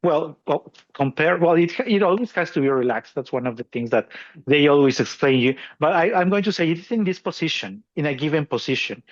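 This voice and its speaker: A podcast co-host talks in a fairly high, expressive voice at a slightly quick pace, the audio sounding lo-fi. He pokes fun at himself, laughs a lot, and keeps things casual as he explains.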